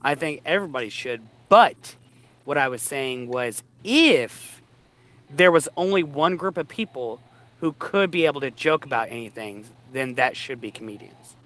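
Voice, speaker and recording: A man in casual stream chat, insistently repeating himself to make his point clear. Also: medium pitch, lively intonation, moderate pace, fairly bright tone.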